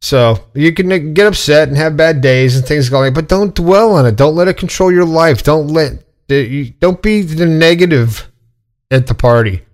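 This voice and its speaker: A man's voice: on the high side, a little slow. A middle-aged man hosting a podcast, talking casually and bluntly, with swearing, as he lectures about staying positive. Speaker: podcast host. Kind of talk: casual monologue.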